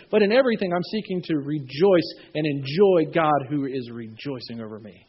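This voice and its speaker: A husky-voiced male pastor preaching from scripture and telling animated stories. His pitch runs fairly high for a man. The recording sounds dull and lo-fi. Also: fairly quick, few pauses. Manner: animated storytelling, acting out voices. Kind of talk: sermon.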